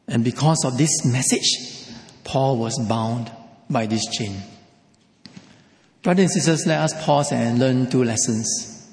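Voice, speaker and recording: Gravelly preacher in an echoey hall. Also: male voice, mid-range voice, takes it slowly, long pauses, a little mellow. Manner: emphatic, repeats key phrases. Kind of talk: sermon.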